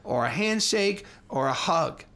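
A man's voice: a little high, expressive, measured pace, creaky, bright, forceful tone. A man co-hosting a casual faith podcast, talking reflectively and sharing stories. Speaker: co-host.

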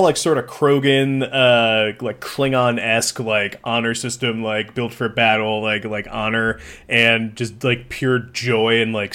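A man's voice: medium pitch, a bit bright. A man co-hosting a podcast in casual chat, rambling with restarts and easy laughter. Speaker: podcast co-host.

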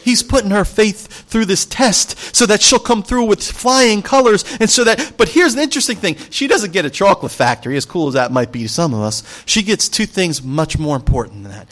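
A male pastor preaching a sermon, an animated storyteller who speaks emphatically and addresses the congregation directly. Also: mid-range voice.

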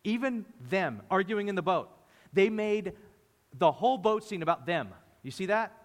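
A man preaching a lively sermon, often acting out the voices of the people in the story. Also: sits high, moderate pace. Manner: animated, acts out voices of disciples. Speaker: pastor. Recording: reverberant hall.

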